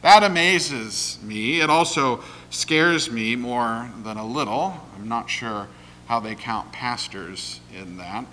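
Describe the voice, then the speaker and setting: Brief: male pastor, sermon delivery, slow and deliberate, very bright tone, slightly high. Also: lively intonation, slight background noise, low-quality recording. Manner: measured, deliberate rhetorical phrasing.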